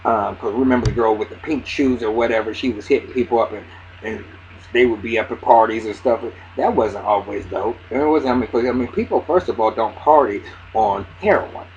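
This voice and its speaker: A man's voice: lowish voice, brisk. A man giving a casual, profane recap of a TV episode, acting out the characters' lines with lots of restarts. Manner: excitable, acts out character lines, heavy cursing, many restarts. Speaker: TV recap reviewer. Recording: dull lo-fi audio with faint hiss.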